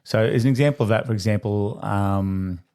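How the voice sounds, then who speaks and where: A middle-aged man with an Australian accent hosting a casual podcast chat, chatty and quick to agree. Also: lowish voice, a little mellow. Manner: chatty, quick, affirms with frequent yeahs. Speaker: podcast host, teacher.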